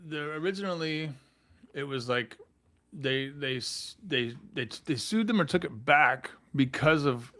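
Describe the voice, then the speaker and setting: A man co-hosting a podcast in casual chat, speaking in a halting, hesitant way. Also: on the high side, animated, sharp tone. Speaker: podcast co-host.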